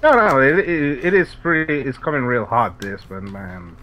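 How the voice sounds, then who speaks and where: A man co-casting a match in casual chat, halting and trailing off, stumbling over his words. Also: medium pitch, muffled recording. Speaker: esports co-caster. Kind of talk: casual chat between game commentary.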